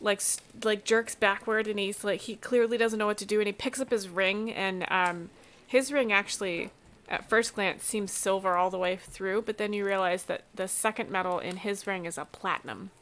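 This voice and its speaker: A woman running a tabletop game as game master, narrating in a lively, chatty way over an online call. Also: medium pitch, normal speed.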